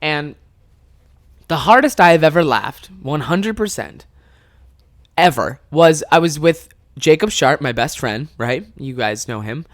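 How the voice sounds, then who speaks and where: A young man from Canada, voice fairly high and pace measured, hosts a podcast on a dry, studio-quality recording. He casually tells a funny story, staying animated, swearing plenty, and erupting into laughter.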